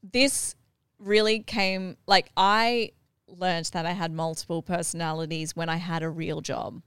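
A woman in her thirties chats casually as a podcast co-host, quick to tease and laugh. Her voice sits a little low and sounds smooth and clean. It is recorded close and dry, with no room around it. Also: steady tone, fairly bright tone, dry recording. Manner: teasing, laughs often. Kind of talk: casual chat.

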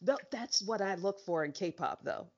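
A young woman in casual chat among friends, playful and expressive. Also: mid-range voice, normal speed, highs cut off, over a noisy crowd. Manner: expressive, playful, laughs easily.

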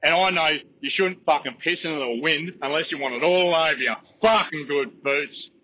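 A man's voice: a little high, normal speed, sharp tone, a little hiss or hum, poor audio. An Australian man leaving a blunt, rambling recorded voice message. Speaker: caller.

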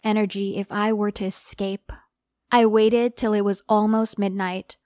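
A woman's voice: mid-range voice, flat delivery, a little slow, darkish tone, no room sound, faint music behind. A woman narrating a dramatic first-person story in an earnest, dramatic telling.

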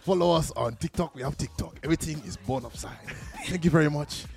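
A man voicing a friendly middle-aged Nigerian father with a Nigerian accent, speaking slowly and deliberately with chuckles. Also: a little high, creaky, background noise. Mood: hearty.

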